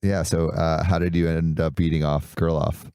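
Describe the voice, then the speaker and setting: A man's voice: rumbling low, little pitch movement, moderate pace, warm tone, clean tone, dry recording, studio quality. A male podcast host who keeps his guest going with short, prompting questions. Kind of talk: interview questions.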